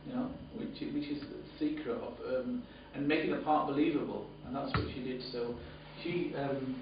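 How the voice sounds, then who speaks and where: With fairly even intonation and a normal speed, the man presents awards as a director, speaking unscripted with many ums and repeats. A far-off camera mic gives heavy reverb and distant, boomy, dull audio with room noise.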